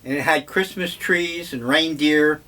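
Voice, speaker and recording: An older man reminiscing in a slow, rambling, wryly humorous monologue. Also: a little high, bright, forceful tone. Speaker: vlogger.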